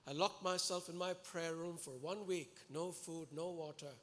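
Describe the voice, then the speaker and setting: A man preaching a sermon to a congregation, earnest and animated, pleading and exhorting his listeners. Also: on the high side, moderate pace. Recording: echoey hall with long reverb.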